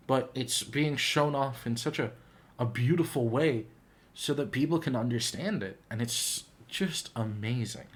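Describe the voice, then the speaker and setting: A man's voice: mid-range voice, unhurried. A man hosting a casual reaction video, talking in an earnest, heartfelt, gushing way. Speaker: YouTube reaction host.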